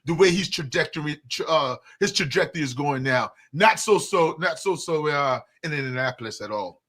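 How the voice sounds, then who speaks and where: A man with a high, bright, forceful voice co-hosts a sports talk podcast. He argues emphatically in casual debate, often doubling up words when he gets fired up. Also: expressive, normal speed.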